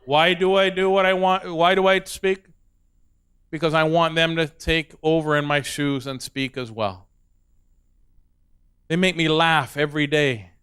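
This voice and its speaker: Middle-aged guy doing stand-up, smooth voice, a bit high, acts out his stories then goes soft and earnest. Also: steady tone, unhurried, long pauses. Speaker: stand-up comedian. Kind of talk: stand-up comedy storytelling.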